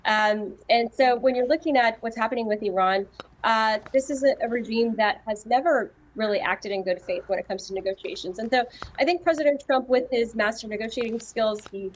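A woman political commentator on a news panel speaks in a halting way, full of fillers and restarts. Her voice sits fairly high. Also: a little hiss or hum.

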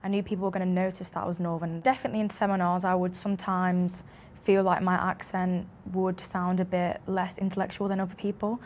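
A young woman with a Manchester accent speaks quickly and reflectively. Her pitch barely moves and sits fairly low. Faint ambient noise is heard behind her. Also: little pitch movement, darkish tone. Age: young adult. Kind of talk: interview clip.

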